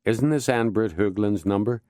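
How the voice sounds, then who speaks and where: A male narrator voicing a weary, restrained police inspector in his own deep voice. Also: normal speed, a little mellow, no echo, natural voice. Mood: tense. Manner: restrained, tense.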